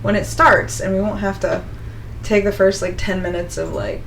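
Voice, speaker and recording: A woman hosting a live talk show, bubbly and quick to laugh. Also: mid-range voice, fairly even intonation, creaky, a bit bright, slight background noise, low-quality recording. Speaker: host. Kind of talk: casual chat. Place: studio.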